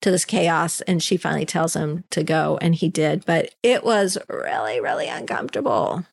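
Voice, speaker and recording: A woman co-hosting a podcast, telling a story in casual chat and quoting the people in it with animated voices. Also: deep voice, moderate pace, vocal fry. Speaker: podcast co-host.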